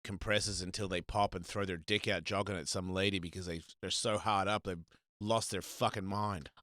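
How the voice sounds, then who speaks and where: A man's voice: deep voice, fairly even intonation, moderate pace, no echo, studio quality. A man hosting a casual live stream, telling crude, rambling stories and acting out other people's voices. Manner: crude, rambling storyteller with loud quoted voices. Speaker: host.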